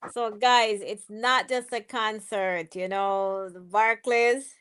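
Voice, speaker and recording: A woman's voice: mid-range voice, fairly even intonation, takes it slowly, a bit bright, smooth. Chatty woman hosting a livestream. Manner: chatty, reads viewer comments aloud, cheers and laughs. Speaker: livestream host. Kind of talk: casual live stream chat.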